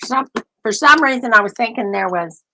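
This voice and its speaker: A woman's voice: on the high side, lively intonation, normal speed, bright, forceful tone, slight background noise. An older woman hosting a casual live stream, rambling and thinking aloud as she chats. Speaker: host.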